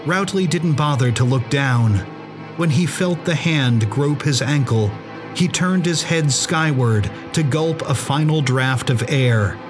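Slow, measured male storyteller over music. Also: on the high side. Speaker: narrator. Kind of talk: scripted audiobook narration.

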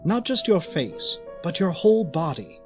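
Determined woman investigator read by a man, firm, slow, slightly high voice, storybook. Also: sing-song, faint music behind.

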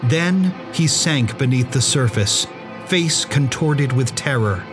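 A male narrator reads a suspense story in slow, measured audiobook style. His pitch sits at an ordinary middle. Clear music plays beneath the reading throughout. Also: animated.

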